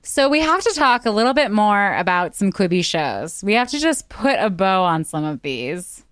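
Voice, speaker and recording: A woman's voice: mid-range voice, sing-song, moderate pace, a bit bright, smooth, no room sound, clean studio sound. Snarky chatty woman podcast host. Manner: snarky, chatty, laughs often. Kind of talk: casual chat.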